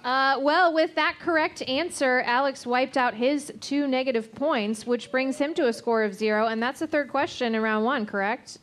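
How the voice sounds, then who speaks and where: A woman's voice: high-pitched, normal speed, hardly any pauses, fairly bright tone. A woman co-hosting a comedy quiz show, ruling on points and announcing the scores.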